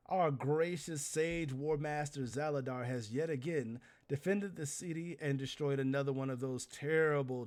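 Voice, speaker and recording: A man voicing a flamboyant male city herald who announces news in a grandiose, booming style. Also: a little mellow.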